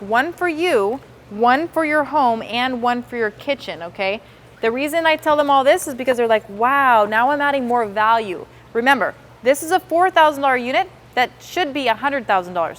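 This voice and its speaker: A woman's voice: a little high, a bit bright. A woman giving a sales training demonstration, enthusiastic and coaching, acting out how customers react.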